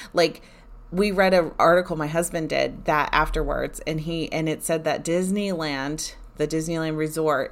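A woman vlogger telling a casual story in a chatty, candid way that often turns exasperated. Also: low-pitched. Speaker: vlogger recounting a theme park trip.

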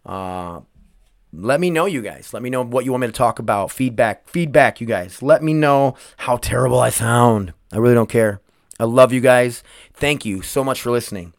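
With vocal fry in his medium-pitched voice, an American man talks at normal speed with lively intonation on his own podcast. It's a casual solo monologue where he rambles, swears, calls listeners "you guys" and grows emotional and choked up. The sound is dry and studio quality.

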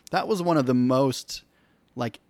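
A man in casual movie talk as co-host, excitable and quick to laugh. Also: medium pitch, dry recording.

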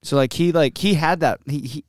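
A man's voice: fairly high pitch, normal speed, no echo, studio quality. A young man co-hosting a podcast, chatting casually and often searching for his words. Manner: hesitant, restarts and searches for words. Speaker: podcast co-host. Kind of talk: casual chat.

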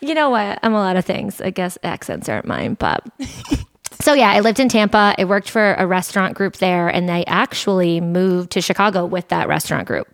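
A woman's voice: on the low side, expressive, normal speed, vocal fry. Chatty woman in her thirties. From Ohio. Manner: chatty, laughing storyteller. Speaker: podcast guest, server. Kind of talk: casual chat.

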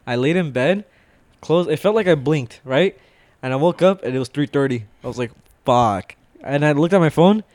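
A man's voice: a little high, lively intonation, normal speed, a little mellow, dry recording. Man, casual chat, rambling storyteller, laughs a lot, curses freely, dry close sound. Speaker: warehouse worker telling stories.

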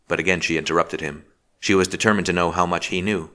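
Deep voiced guy reading an audiobook, steady and measured, bright crisp tone. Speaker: audiobook narrator. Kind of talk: scripted narration.

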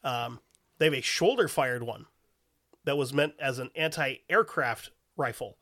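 A man's voice: mid-range voice, a little slow, fairly bright tone. Profane rambling podcast host, man. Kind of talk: casual chat.

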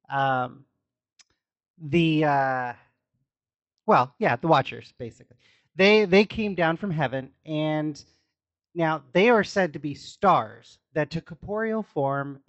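A man's voice: a little high, clear, resonant tone, no room sound, muffled recording. A man co-hosting a podcast, explaining in a hesitant way with many fillers. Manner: hesitant, lots of ums. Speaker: podcast co-host. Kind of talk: casual chat.

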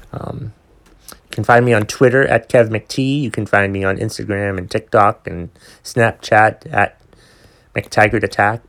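A man's voice: lowish voice, fairly bright tone. A young man hosting his own podcast, telling a rambling, exasperated story full of swearing and restarts. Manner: exasperated, profane ranting storyteller. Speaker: podcast host. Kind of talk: solo podcast rant.

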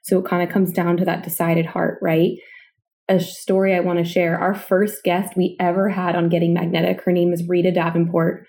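A woman's voice: lowish voice, level tone, normal speed, creaky, warm tone. A woman co-hosting a podcast, telling stories in an enthusiastic, gushing way. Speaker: podcast co-host. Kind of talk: casual motivational podcast chat.

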